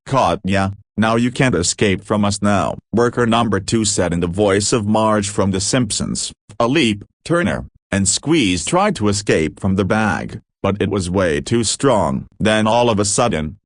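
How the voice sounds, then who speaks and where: Guy with a lowish voice reading a creepy fan story, dry close mic, barely changes voice for characters. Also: no room sound.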